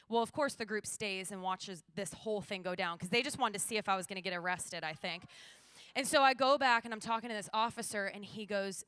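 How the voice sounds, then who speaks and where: Casting: young woman church speaker, animated storyteller, smooth clear voice, dry close mic. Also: mid-range voice, a little fast, no echo. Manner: animated storyteller, acts out dialogue. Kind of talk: morning devotional talk.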